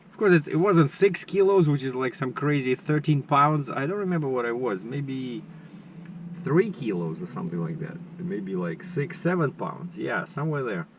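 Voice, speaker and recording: A man's voice: mid-range voice, animated, moderate pace, far from the mic, a little hiss or hum. A man, casually telling a personal story with many "you know"s. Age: 50s. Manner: chatty, lots of "you know" and "right". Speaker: vlogger.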